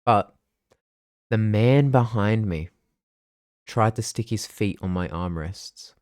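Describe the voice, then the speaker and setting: A man's voice: fairly low pitch, takes it slowly, darkish tone, dry recording. A young man, chatting casually and rambling through a vlog recap of his trip. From Australia. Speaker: vlogger.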